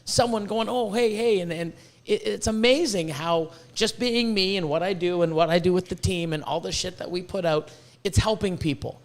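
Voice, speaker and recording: A high-voiced man hosts a casual podcast, bursting with excitement and peppering his talk with swearing. He grew up in Canada, and he often repeats words as his thoughts run ahead of him. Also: normal speed. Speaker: podcast host.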